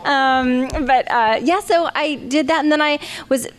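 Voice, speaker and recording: A woman's voice: high voice, unhurried. Chatty, laughing woman in her forties. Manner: rambling, chatty, laughs often. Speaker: panel guest voice actress. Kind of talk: casual storytelling at a fan convention panel. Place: convention panel room. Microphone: handheld microphone.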